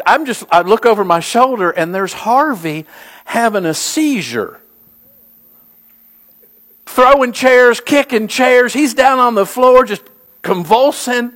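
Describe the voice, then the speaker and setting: High-voiced man preaching an animated sermon. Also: takes it slowly, long pauses. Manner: animated storytelling, rising to emphatic peaks. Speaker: pastor.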